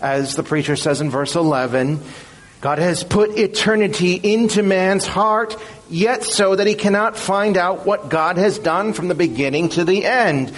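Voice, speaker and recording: Earnest man preaching a sermon. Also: sits high. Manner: earnest, measured, emphatic preaching.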